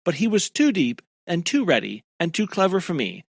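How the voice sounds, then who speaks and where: Higher-voiced man reading aloud on a podcast. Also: wildly swooping pitch, normal speed, creaky, dry recording, studio quality. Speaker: podcast co-host. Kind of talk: casual chat, reading passages aloud.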